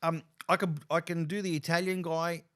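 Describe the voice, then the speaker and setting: Speaking at normal speed in a smooth voice on the high side, this male comedian and show host keeps the conversation casual. He's an animated storyteller who restarts and repeats a lot, using his voice to gesture.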